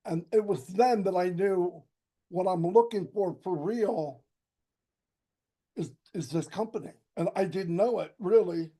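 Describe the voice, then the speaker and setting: A man speaks with a fairly high, mellow voice that is going hoarse. He gives an earnest personal testimony on a group call and often restarts his sentences. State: losing his voice. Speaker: participant in an online group call.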